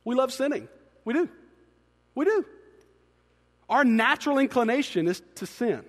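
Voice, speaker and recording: A man preaching a sermon, animated, swinging between hushed asides and loud emphatic peaks. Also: very high voice, normal speed. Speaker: pastor. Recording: long reverb in a large hall.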